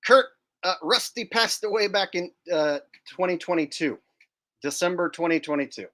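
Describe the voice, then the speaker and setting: A man's voice: high-pitched, moderate pace, fairly bright tone. A man hosting a livestream, rambling and joking in casual, profane commentary. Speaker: streamer host.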